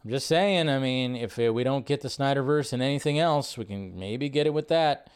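A man hosting a live film news stream, chatting casually and rambling, often jumping from high excited bursts to low mutters. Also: brisk, clear, resonant tone. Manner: rambling, animated, jumps between high and low.

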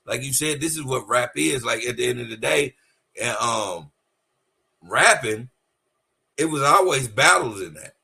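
Raspy dude on a podcast, sharp bright tone, cussing and tripping over words telling the story. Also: male voice, medium pitch, measured pace, pauses often. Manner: profane, animated storytelling with frequent stumbles. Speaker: podcast co-host. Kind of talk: casual chat.

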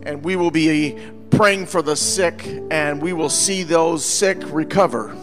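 A man pastor preaching a lively sermon to his congregation, joking with them as he goes. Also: a little high, measured pace. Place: church sanctuary. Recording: church hall reverb with faint music.

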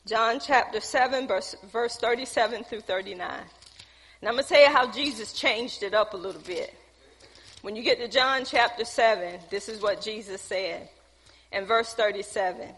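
High, bright-toned woman preaching a sermon. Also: normal speed, breathy edge. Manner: preaching with questions to the congregation and casual asides. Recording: long hall reverb.

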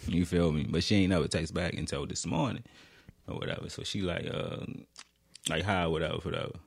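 A man's voice: deep voice, fairly quick, gravelly, slightly rough. A young man, co-hosting a casual chat and telling a story in laid-back slang. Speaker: podcast co-host.

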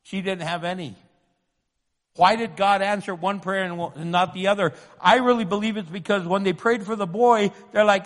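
A man preaching a sermon with passion, moving between loud pleading and hushed tones, in an echoing church hall. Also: sits high, normal speed. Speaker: pastor.

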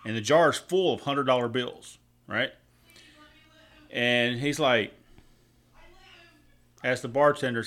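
A man's voice: medium pitch, takes it slowly, pauses often, a bit bright. A married man, co-hosting a casual podcast and telling crude jokes in a drawling storyteller way. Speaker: podcast co-host. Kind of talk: casual joke-telling chat.

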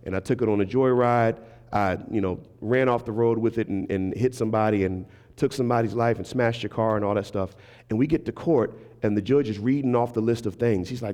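A man's voice: lowish voice, fairly quick, darkish tone. A man preaching as a guest minister, telling stories conversationally and talking directly to his congregation. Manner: conversational storytelling, acting out quoted voices; engages the congregation with asides. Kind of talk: sermon. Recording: reverberant hall.

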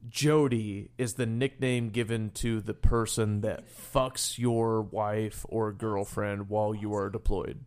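A man's voice: on the low side, flat delivery, takes it slowly, few pauses, darkish tone, smooth. A man hosting a casual podcast chat, blunt, with crude jokes.

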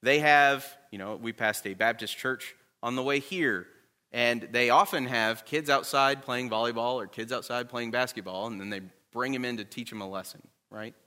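A man's voice: medium pitch, normal speed, pushed and bright. A man teaching a Bible class in a conversational way, often checking in with his listeners.

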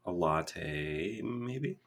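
A young man with a low, husky voice chats loosely as a podcast co-host. He wanders off on tangents and fills gaps with "like" and "you know." He is from Minnesota. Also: expressive, drawn-out words. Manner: rambling, full of tangents and fillers. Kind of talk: casual chat.

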